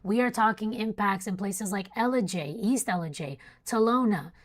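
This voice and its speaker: A woman's voice: medium pitch, moderate pace. Young woman, weather stream host, casual and chatty, yawning late at night. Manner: chatty, reads warnings then jokes with chat. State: sleepy, yawning. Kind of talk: casual live weather coverage.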